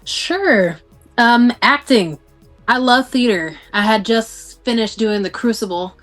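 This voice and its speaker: A young woman from the Bay Area, a game show contestant chatting casually as a guest, talking fast with lots of "like" fillers. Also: on the high side, faint music behind. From San Francisco Bay Area. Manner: fast, animated talk full of "like" fillers. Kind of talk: casual chat.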